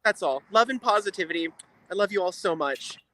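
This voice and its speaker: A man's voice: high-pitched, expressive, brisk, pushed and bright. A man speaking as a guest on a livestream, earnest and emotional, repeating phrases for emphasis. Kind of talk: earnest heartfelt talk.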